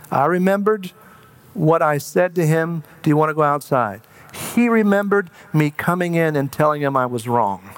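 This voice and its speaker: A middle-aged man, a pastor, preaching a sermon with earnest storytelling that halts on fillers in personal stories. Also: a little high.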